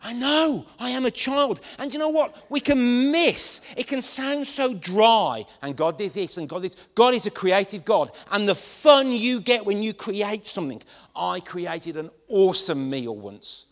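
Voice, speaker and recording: Animated man preaching in an echoing hall. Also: high-pitched, a little slow. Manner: animated and playful, acting out scenes. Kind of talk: lively sermon to a congregation.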